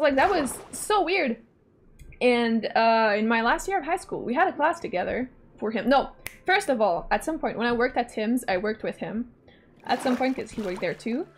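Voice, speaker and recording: A young woman from Canada, a streamer telling a story in a casual, animated way, swearing and laughing often. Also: a little high. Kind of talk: casual storytelling while gaming.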